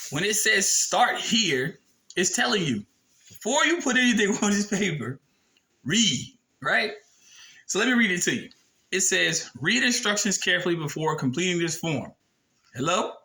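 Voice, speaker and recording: A man's voice: high voice, gravelly, pushed and bright, poor audio. A man casually explaining a form and reading it aloud, talking bluntly with emphatic rhetorical questions and some swearing. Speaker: video presenter.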